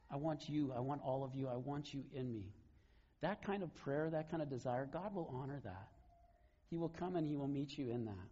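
Man preaching, middle-aged, mellow, slightly husky, muffled sound. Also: a little high. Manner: conversational, earnest, laughs between points. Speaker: pastor. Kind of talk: sermon.

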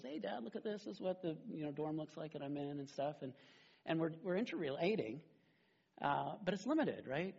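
Middle-aged man pastor, husky, slightly high voice, chatty sermon, dull lo-fi recording. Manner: animated, conversational, with frequent "right?" asides.

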